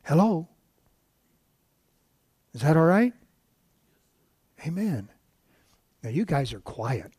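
A man's voice: fairly high pitch, big pitch swings, takes it slowly, long pauses, darkish tone, husky, dry recording. Preaching man, stumbling storyteller. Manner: storytelling with many restarts and direct asides to the congregation. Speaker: guest preacher. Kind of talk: sermon.

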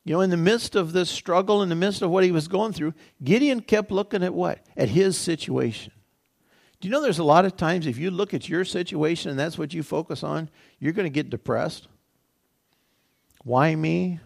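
Gravelly male pastor preaching conversationally. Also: fairly high pitch, brisk, darkish tone. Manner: conversational preaching, repeats phrases and asks rhetorical questions. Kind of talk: sermon teaching.

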